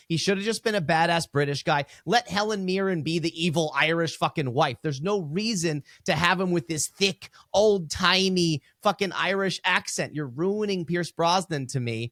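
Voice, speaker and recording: Male podcast co-host, blunt, profane, slightly high voice, dry studio sound. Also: no room sound. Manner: blunt, profane, animated ranting. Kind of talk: casual chat.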